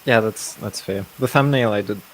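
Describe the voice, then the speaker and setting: A man's voice: lowish voice, normal speed, a little hiss or hum. A man hosting a casual livestream Bible study, easygoing and chuckling, often restarting his sentences.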